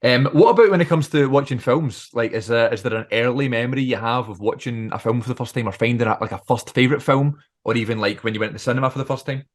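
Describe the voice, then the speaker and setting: Man, podcast host, rapid talker, chatty. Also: medium pitch. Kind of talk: casual chat.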